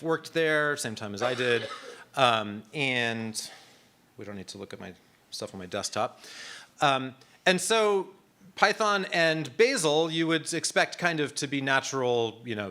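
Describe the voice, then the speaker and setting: A man's voice: mid-range voice, fairly bright tone. A middle-aged man leading a live technical workshop, talking casually with many ums and restarts. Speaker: instructor. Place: conference room.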